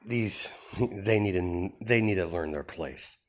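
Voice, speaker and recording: A man voicing a calm young werewolf alpha who threatens quietly. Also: sits low, normal speed, breathy edge. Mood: cool. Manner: cool and threatening.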